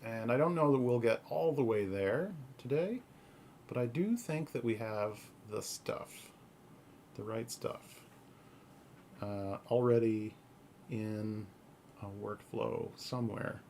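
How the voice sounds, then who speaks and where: A man hosting a live-coding stream, talking in a halting, earnest, soft-spoken way with a gravelly voice. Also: medium pitch, animated, slight background noise. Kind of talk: casual live-stream talk.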